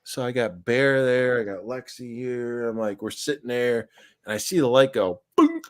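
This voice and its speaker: A man's voice: mid-range voice, fairly even intonation, normal speed. A man telling a rambling, profane anecdote on a casual live stream. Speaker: livestream host.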